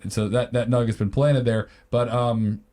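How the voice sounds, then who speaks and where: A man's voice: mid-range voice, fairly even intonation, normal speed, mellow. A man co-hosting a podcast, improvising a story with many fillers and restarts. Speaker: podcast co-host.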